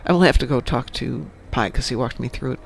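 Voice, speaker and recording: A man's voice: medium pitch, a little fast, gravelly, a little hiss or hum. A man in his sixties casually chatting on a live stream, reading the chat aloud and telling dad jokes. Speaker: stream co-host.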